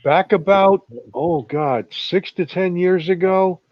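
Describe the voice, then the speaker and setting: A man in casual online talk, drawling slowly and chuckling as he tells stories. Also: high-pitched, no room sound. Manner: slow, drawling storyteller, chuckles often. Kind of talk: casual chat. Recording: muffled lo-fi voice chat.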